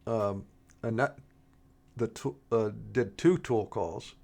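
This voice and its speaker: A man walks through a software demo with a gravelly edge to his voice. He talks slowly and in halting stretches, stopping to restart his sentences. The delivery stays relaxed throughout. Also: fairly low pitch. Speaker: software tutorial presenter. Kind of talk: screen-recorded coding tutorial.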